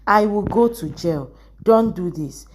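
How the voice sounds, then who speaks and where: A woman's voice: medium pitch, expressive, unhurried, darkish tone. A woman reading the lines of a tearful, pleading mother in a scripted drama recap.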